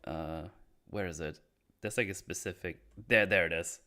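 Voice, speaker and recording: A man's voice: sits low, normal speed, pushed and bright. A man casually discussing a horror movie with friends, full of fillers and retold scenes. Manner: hesitant, many fillers, retells scenes. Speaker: podcast host.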